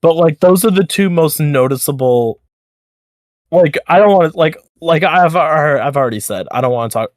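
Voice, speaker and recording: A man co-hosting a podcast in casual chat, animated and swearing freely, often repeating words as he thinks. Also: a little high, normal speed, no room sound. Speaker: podcast co-host.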